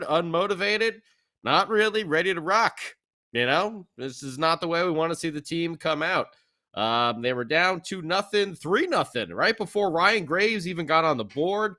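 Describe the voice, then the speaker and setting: Man, podcast co-host, casual hockey chat, animated, jokey, bright tense voice, fairly high pitch.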